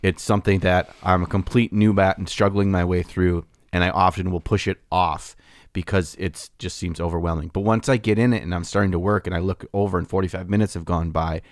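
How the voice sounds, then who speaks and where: A man's voice: deep voice, steady tone, a little fast, no room sound, clean studio sound. A man co-hosting a casual podcast, rambling and laughing easily, often restarting his sentences. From United States. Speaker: podcast co-host.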